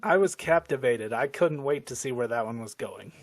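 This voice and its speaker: A man's voice: medium pitch, animated, normal speed. A man co-hosting a podcast, giving dry reactions in casual chat. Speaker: podcast co-host.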